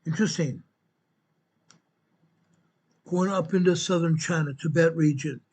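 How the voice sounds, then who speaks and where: A man hosting a show, walking viewers through an earthquake map in a slow, emphatic way and repeating his points. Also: a little high, a little mellow, breathy edge. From United States. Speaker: show host presenting earthquake updates. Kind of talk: informal map walkthrough commentary.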